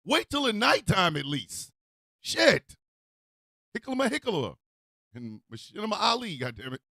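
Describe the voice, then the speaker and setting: A male radio host ranting in a comedic style, excitable, swearing and often shouting. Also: high-pitched, a little slow, creaky, no echo, studio quality.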